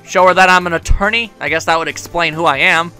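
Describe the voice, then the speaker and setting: A man's voice: a little high, quick pace, bright, forceful tone, smooth, faint music behind. A man giving casual, joking, rambling gameplay commentary as a let's play host. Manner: joking, rambling, laughs often.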